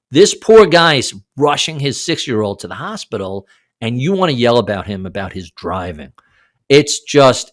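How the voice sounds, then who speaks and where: A man in his sixties, a podcast guest, telling a story in a casual interview, animated and casually profane. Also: medium pitch, gravelly. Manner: animated, acts out quoted lines, swears casually.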